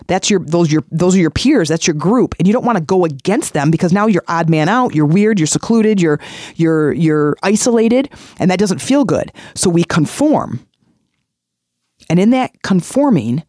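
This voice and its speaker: Man in his 40s doing a self-help pep talk, kinda high voice, repeats stuff for emphasis. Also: darkish tone, no echo, studio quality. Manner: earnest, conversational, repeats phrases for emphasis. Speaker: podcast host.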